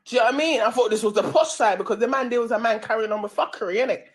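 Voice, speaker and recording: A woman's voice: a little high, racing. A woman with a London accent, hosting a live-stream radio show, telling a heated story full of slang and swearing.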